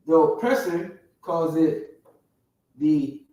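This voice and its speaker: This is a classroom lecture from a man whose voice is a little high and a little mellow, moving at a measured pace. He often stops to make sure his listeners are following. The room is very echoey, and he's far from the mic.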